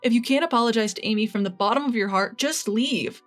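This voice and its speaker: A woman voicing a young husband who calmly and firmly defends his wife against his parents. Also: sits high, quick pace, soft background music. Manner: firm, steady. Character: calm protective young husband.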